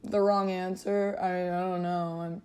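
A woman's voice: fairly low pitch, flat delivery, unhurried, darkish tone, clear, resonant tone, natural voice. A woman voicing a dopey sheep as a drowsy schoolkid, mumbling in confusion. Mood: groggy. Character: dopey sleepy sheep, a drowsy boy at the back of class.

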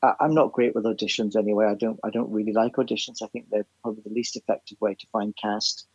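A man's voice: on the low side, steady tone, fast, a little mellow, slightly rough, no echo, dull audio. A man, a theatre writer and composer, telling anecdotes as a guest in a casual interview, with many restarts and fillers. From Ireland.

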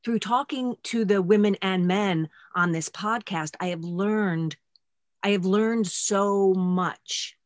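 A woman hosting a podcast conversation, talking candidly and self-deprecatingly with halting restarts. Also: medium pitch, no echo, clean studio sound. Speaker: podcast host.

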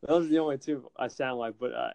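A man's voice: medium pitch, fast talker, vocal fry, a little mellow, slight background noise. Rambling casual man from New Jersey. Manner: rambling, with many restarts and fillers. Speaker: internet radio station host. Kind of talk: casual chat. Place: home, winter in New Jersey.

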